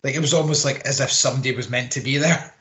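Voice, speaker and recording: A man with a bright, forward voice talks through a wrestling match play by play. He rambles, swears casually and fills pauses with ums and uhs, like a relaxed podcast co-host. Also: mid-range voice. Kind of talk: casual wrestling recap chat.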